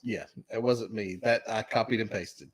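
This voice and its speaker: A man's voice: on the low side, moderate pace, slightly rough. A man with a Southern US accent hosting trivia in casual live-stream chat, chuckling as he reads out questions. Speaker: trivia host.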